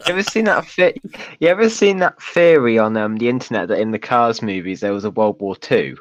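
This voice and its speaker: A man's voice: mid-range voice, animated, a little fast. A man in casual chat, making dry, offhand remarks. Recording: dull lo-fi mic with faint noise.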